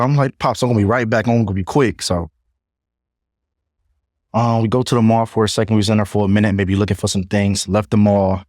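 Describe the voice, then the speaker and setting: A young man, a podcast guest, telling his own story in a casual, animated way and acting out what others said. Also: on the low side, fast talker, no echo, studio quality. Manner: animated retelling, acts out others' voices.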